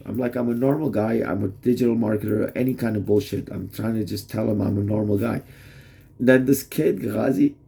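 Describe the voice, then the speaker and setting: Gravelly, husky man rambling to camera. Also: mid-range voice, moderate pace, dark tone. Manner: rambling, swearing, restarts often. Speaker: vlogger. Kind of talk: rambling casual monologue to camera. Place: Toronto area.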